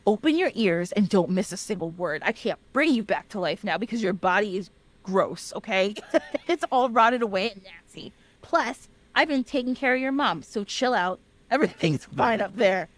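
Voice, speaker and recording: A woman voicing a sharp-tongued young female shaman in a retold legend, using casual modern phrasing in her own everyday voice. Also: mid-range voice, lively intonation, normal speed, close to an everyday voice. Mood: placating. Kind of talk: casual storytelling.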